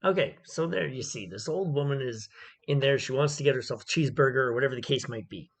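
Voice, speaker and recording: A man's voice: mid-range voice, fast talker, slightly rough. A man giving opinionated commentary on a video clip, emphatic and repetitive, often checking in with "okay?".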